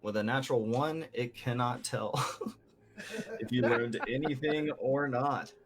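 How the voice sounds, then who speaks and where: A man narrating as game master of a tabletop game, slow and rambling with many fillers. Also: medium pitch, crowd noise.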